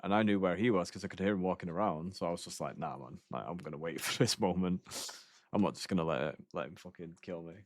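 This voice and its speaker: A man's voice: low-pitched, quick pace, no room sound, studio quality. A man streaming a game, telling rambling stories in casual chat, swearing often and laughing between lines.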